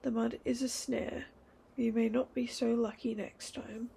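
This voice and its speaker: A woman's voice: on the high side, flat delivery, unhurried, creaky, dark tone, husky, full character voice. A woman reading as a firm, cautious village man. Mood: warning. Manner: firm, warning.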